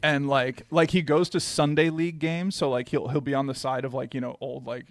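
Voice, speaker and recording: A man, co-hosting a podcast in casual chat, animated and laughing, often stumbling and restarting his sentences. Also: mid-range voice, fairly quick, dry recording, studio quality. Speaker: podcast co-host.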